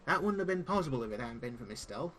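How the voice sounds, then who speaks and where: A man voicing a gruff old male tavern keeper and former lancer, reading game dialogue aloud with pirate-esque speech. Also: mid-range voice, expressive, fast, fairly bright tone, a little hiss or hum, close to an everyday voice, poor audio. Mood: storytelling. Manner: pirate-esque speech with dropped g's and "aye".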